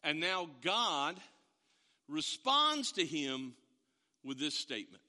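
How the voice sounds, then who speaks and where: A man preaching a sermon, telling a family story with animated, acted-out quotes. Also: on the high side, slow, long reverb tail. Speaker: pastor.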